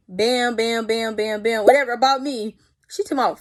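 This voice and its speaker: A young woman telling a story in a casual vlog, animated and profane, with spoken sound effects. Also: on the high side, normal speed. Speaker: vlogger.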